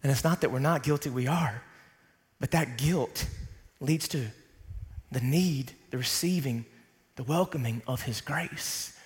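A man's voice: mid-range voice, unhurried, in a large hall. A man preaching a sermon to a congregation, emphatic and calling out for responses. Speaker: pastor.

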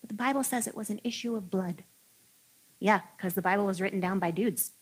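A woman's voice: medium pitch, a little fast, husky. A woman preacher giving a casual, humorous sermon in a chatty, playful way, full of "like". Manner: chatty and playful, heavy use of "like".

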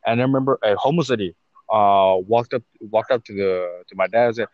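A man's voice: fairly low pitch, brisk, dry recording, lo-fi sound. A young man co-hosting a casual podcast, talking in slangy, profane banter and calling his friend "fool" and "bro". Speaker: podcast co-host. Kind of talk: casual chat.

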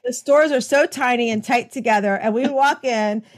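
A woman's voice: a little high, normal speed. A woman hosting a podcast interview, talking with enthusiasm in long rambling stretches full of restarts. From United States. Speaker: podcast host. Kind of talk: conversational interview.

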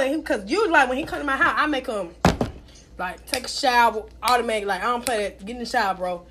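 Loud, brash high-voiced woman. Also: expressive, brisk. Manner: loud, brash storytelling, cussing freely. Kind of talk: casual podcast chat.

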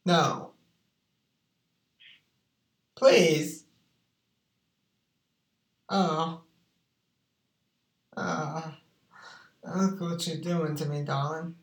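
A woman chatting casually in a theatrical way, breaking into sung snippets and swinging between crooning and shouting. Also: low voice, fairly even intonation, drawn-out words, pauses often. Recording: echoey room.

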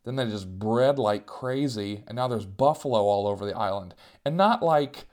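A man telling a comic story about himself, animated and self-mocking, sometimes jumping into higher voices to act out what people said. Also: moderate pace. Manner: self-mocking, animated, jumps into squeaky voices for quoted cries.

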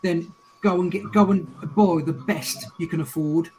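A chatty man with a Scouse accent, his voice a touch higher than most men's. He rambles, swears casually and hosts a relaxed podcast chat. There is a faint hiss under the recording. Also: moderate pace, rough recording. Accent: English, Scouse. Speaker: podcast host.

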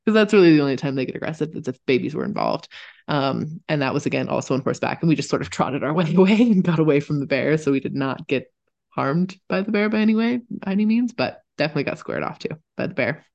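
Chatty, animated woman telling stories. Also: sits low, quick pace, creaky, highs cut off. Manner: animated, chatty, swears casually, laughs often. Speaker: podcast co-host. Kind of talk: casual storytelling chat.

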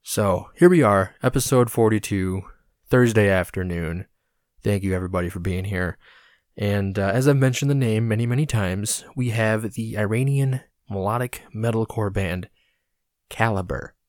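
A man hosting a podcast, telling a long casual story in an animated, self-mocking way with plenty of swearing. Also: lowish voice, moderate pace, no room sound, clean studio sound. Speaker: podcast host.

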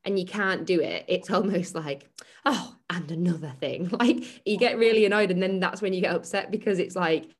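A woman's voice: mid-range voice, brisk, few pauses. A woman co-hosting a casual fitness chat, telling stories and laughing often. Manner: chatty storytelling, laughs often. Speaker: podcast co-host and fitness coach.

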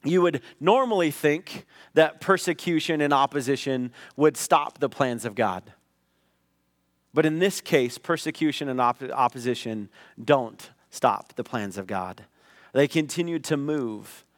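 A middle-aged man preaching a sermon, telling a personal story in a conversational way that rises into loud acted outbursts. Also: medium pitch, measured pace, no echo, clean studio sound. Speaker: pastor.

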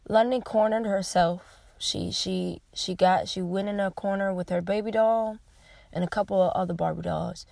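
Young woman vlogger, confessional and heartfelt, halting restarts, dry recording. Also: mid-range voice, gravelly, no room sound. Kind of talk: emotional personal confession to camera.

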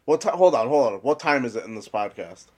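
A man's voice: mid-range voice, animated, fast, a little mellow. A man co-hosting a casual podcast, cutting in with dry teasing remarks. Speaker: podcast co-host.

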